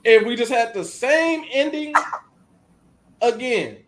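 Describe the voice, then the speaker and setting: High-voiced excitable man. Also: slow pace, noisy background. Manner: animated, acts out quotes, laughs often. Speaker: podcast co-host. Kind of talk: casual wrestling chat.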